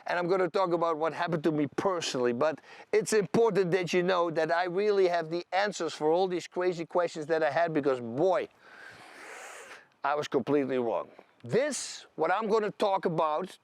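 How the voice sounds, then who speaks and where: A man's voice: a little high, normal speed, no echo. Emphatic man telling his life story. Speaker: video creator. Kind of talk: personal faith testimony.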